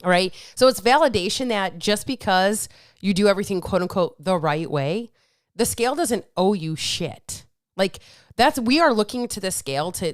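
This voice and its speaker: A woman's voice: on the low side, dry recording, studio quality. A woman hosting a podcast, talking candidly in casual chat, swearing freely and acting out the voices in her head. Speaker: podcast host.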